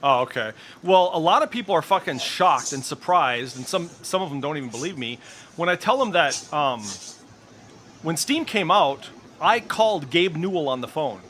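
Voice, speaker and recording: A middle-aged man holds forth on his stream in a bright, lively voice that swings up and down as he goes. He swears constantly and states his opinions bluntly. Faint noise sits under the recording. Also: on the high side, normal speed. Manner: profane, opinionated, ranting. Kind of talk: casual voice chat.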